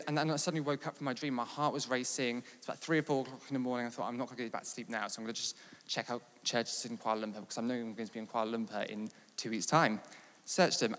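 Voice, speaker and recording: A man from England preaching and telling a testimony story, building from steady talk to loud, animated retelling. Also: medium pitch. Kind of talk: sermon testimony. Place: large church hall. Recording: long reverb of a large hall.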